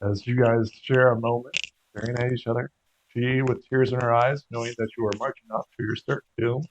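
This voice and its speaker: A man's voice: mid-range voice, little pitch movement, a little fast, slight background noise. Male game master, loose rambling narration, dull lo-fi sound. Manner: casual, rambling, many fillers and laughs.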